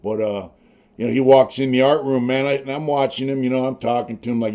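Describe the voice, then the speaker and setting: A man's voice: mid-range voice, quick pace, mellow, highs cut off. An older man, a former prisoner, telling his stories in a rambling, profane, casual way full of "you know". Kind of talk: casual storytelling.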